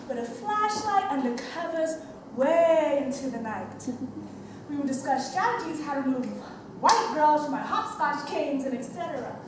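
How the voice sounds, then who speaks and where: A young adult stage actress with a high voice performs a dramatic monologue in a theater, telling her story vividly and playfully. The recording is very echoey, captured from far off, with background noise.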